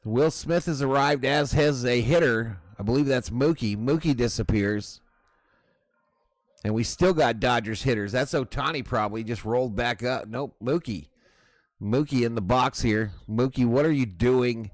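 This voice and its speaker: A man's voice: mid-range voice, moderate pace, no echo. A man hosting a live baseball watch-party stream, chatting casually with his viewers. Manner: chatty, addresses chat as "y'all".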